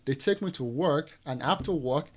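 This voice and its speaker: A man's voice: a little high, moderate pace, a crowd in the background. Nigerian man telling a story, lots of fillers. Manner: casual, animated when retelling dialogue, many fillers. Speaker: podcast guest. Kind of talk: storytelling interview.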